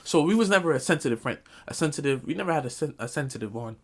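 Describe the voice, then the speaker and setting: Animated young man telling a comic story. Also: fairly high pitch, very fast, breathy edge. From Jamaican family, Caribbean community. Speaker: vlogger. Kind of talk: storytime vlog.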